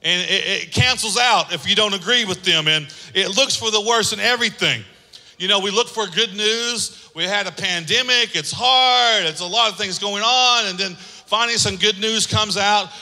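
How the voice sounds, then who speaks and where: A man preaching a sermon as pastor, energetic and calling for responses from the congregation. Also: high-pitched, normal speed. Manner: energetic, calls for audience responses. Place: large church hall. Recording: long hall reverb.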